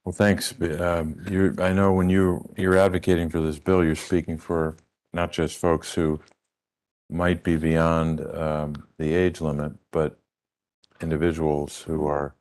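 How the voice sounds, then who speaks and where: A man chairing a public hearing, asking questions in a measured, deliberate way and repeating points for emphasis. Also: a bass voice, little pitch movement, darkish tone. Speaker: committee chair.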